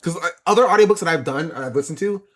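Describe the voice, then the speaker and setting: A man's voice: a little high, expressive, fast. A man streaming live, chatting casually and answering his viewers' questions. He laughs often and repeats phrases for emphasis. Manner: answers chat questions aloud.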